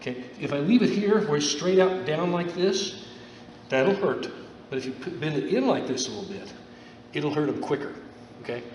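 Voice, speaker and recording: A man's voice: on the high side, expressive, moderate pace, a little mellow. A man teaching a judo class on the mat, talking in a loose, repetitive coaching way and checking in with "okay?" after each step. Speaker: judo instructor. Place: gym mat room. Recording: echoey room from far off with faint hiss.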